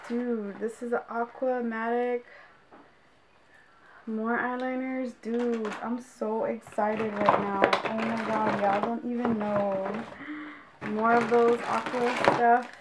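Gushing young woman, slow, noisy recording. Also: on the high side, flat delivery. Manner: gushing, exclamatory, talks to viewers. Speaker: beauty vlogger. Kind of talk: casual unboxing vlog. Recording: clear background noise.

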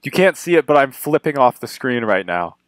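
A young man doing excitable, sweary commentary while playing a game. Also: medium pitch, no echo. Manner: excitable, sweary, quick swings between yelling and muttering. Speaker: gaming video creator. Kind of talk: let's-play commentary.

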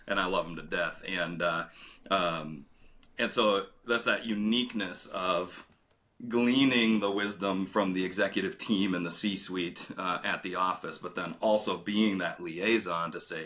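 Middle-aged man, low crisp voice, rambling interview guest. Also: unhurried, sharp tone. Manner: rambling, many fillers and restarts. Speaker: former retail director, guest. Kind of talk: casual interview storytelling.

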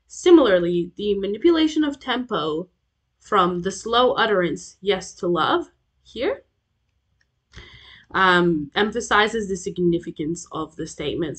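Low-voiced woman lecturing on language. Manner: explanatory, frequent "okay?" checks and fillers. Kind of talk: recorded revision lecture.

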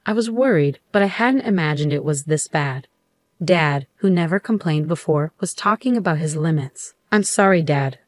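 A woman reading a first-person story aloud as narrator in a steady, even way. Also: sits low, normal speed, dry recording, clean studio sound.

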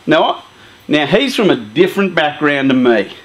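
A middle-aged man giving a casual, animated talk to a youth group, laughing often and acting out quoted lines. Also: on the high side, normal speed, low-quality recording.

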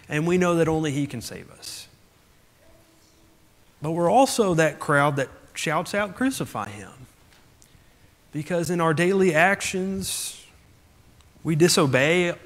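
A man preaching a sermon as pastor, earnest and building his points with repeated phrases. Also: on the high side. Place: church sanctuary. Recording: long church reverb.

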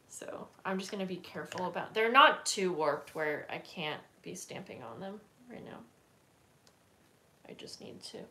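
A woman's voice: medium pitch, pushed and bright, a little hiss or hum. Chatty woman hosting a craft livestream. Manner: chatty, rambling, many fillers and self-corrections. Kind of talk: casual livestream chat while crafting. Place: indoors at her craft table.

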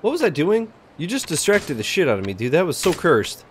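A man's voice: on the high side, huge pitch swings, fairly quick, a little hiss or hum. A young man casually commentating a game he plays on stream, loose and profane, laughing and reacting to chat as he gets sidetracked. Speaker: gaming streamer. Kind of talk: casual let's-play commentary.

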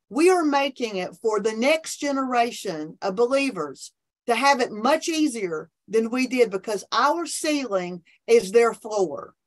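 Enthusiastic woman preaching. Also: fairly high pitch. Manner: enthusiastic, preachy, quick restarts. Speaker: podcast guest, minister. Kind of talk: animated faith conversation. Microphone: remote call from her office.

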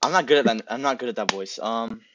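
A man's voice: mid-range voice, quick pace, fairly bright tone, slight background noise. A young man making joking prank calls, chatting casually and laughing with a friend. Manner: joking, giggly banter with a friend. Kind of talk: casual gaming chat. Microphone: headphones with desk mic. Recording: dull lo-fi audio.

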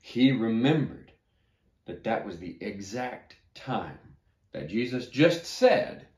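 A man's voice: medium pitch, sing-song, slow, darkish tone. A man teaching a children's Bible class, telling a story and asking his listeners questions. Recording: echoey room.

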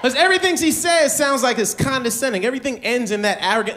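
A middle-aged man performing a stand-up comedy routine, animated and punchy, laughing at his own jokes. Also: extremely high pitch, fast, hardly any pauses, slight background noise. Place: comedy stage before a live audience.

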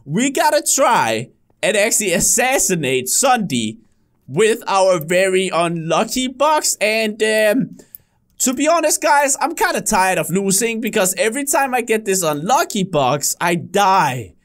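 Excitable high-voiced gaming host man. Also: unhurried. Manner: excitable, yelps and laughs at surprises. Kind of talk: casual gaming commentary.

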